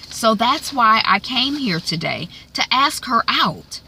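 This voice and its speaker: A woman's voice: on the high side, big pitch swings, slow, creaky, pushed and bright, slight background noise, voice pushed up, exaggerated voice. A woman voicing an earnest, polite young man courting a woman, in a TV recap.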